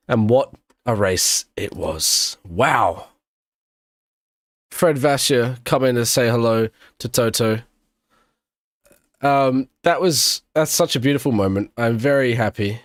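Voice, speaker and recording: A man hosting a live race watch-along, reacting with loose, slangy excitement and wrapping up the coverage. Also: medium pitch, slow pace, long pauses, no room sound, clean studio sound. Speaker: host.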